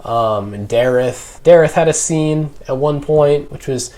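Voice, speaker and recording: A man's voice: on the high side, a little slow, warm tone. A young man talking through a casual spoken review, rambling with lots of fillers and restarts. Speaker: YouTube reviewer.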